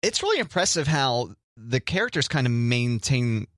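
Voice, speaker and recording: A man's voice: mid-range voice, very animated, moderate pace, fairly bright tone, no room sound, studio quality. A middle-aged man co-hosting a radio show, chatting casually and joking with a teasing manner. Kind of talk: casual banter.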